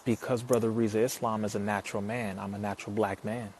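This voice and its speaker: A man giving an impassioned talk to an audience, preacherly and forceful, firing rhetorical questions and rising to emphatic peaks. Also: on the low side, flat delivery, quick pace, slight background noise. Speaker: speaker addressing an audience.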